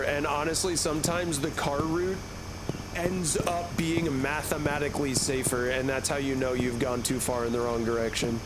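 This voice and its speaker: A man's voice: mid-range voice, fairly even intonation, moderate pace, background noise. A young man streaming a game, rambling and joking with casual swearing. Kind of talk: casual gaming commentary.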